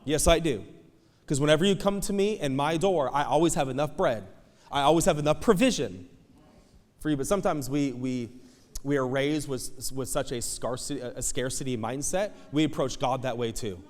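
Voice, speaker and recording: Man, pastor, sermon, animated storytelling, soft asides to loud shouts, long hall reverb. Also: medium pitch, moderate pace. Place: church auditorium.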